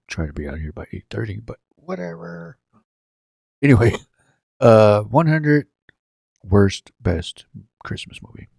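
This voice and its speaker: A man's voice: lowish voice, a little mellow, dry recording, clean studio sound. A man hosting a casual live stream from his home setup, rambling and joking as he talks to viewers in chat by name. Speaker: livestream host.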